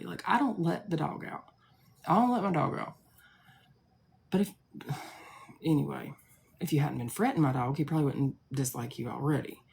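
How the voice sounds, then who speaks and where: Low, gravelly woman telling a rambling story. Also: a little mellow, slight background noise. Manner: rambling, with many likes and asides. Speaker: live streamer. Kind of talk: casual storytelling to a live audience.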